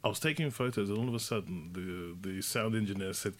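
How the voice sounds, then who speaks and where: A man from London, a film director, talks as a studio guest on a radio show. His voice sits low, and he rambles and hesitates as he tells stories. Faint hiss hangs behind him. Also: brisk. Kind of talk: casual interview chat.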